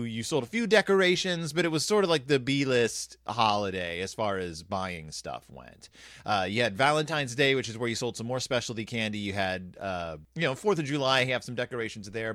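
A man's voice: medium pitch, a bit bright, dry recording, studio quality. A man telling a rambling, wry story in a casual monologue, full of self-deprecating jokes.

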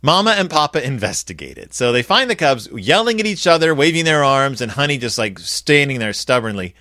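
A man giving a comic, sarcastic review of a children's picture book, acting out quoted lines in flat voices. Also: mid-range voice, fairly quick, no room sound, clean studio sound.

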